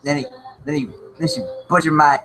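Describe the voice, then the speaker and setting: A man's voice: fairly high pitch, fairly even intonation, fairly quick, noisy background. A man co-hosting a casual online sports show, giving brief, laughing reactions. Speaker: co-host.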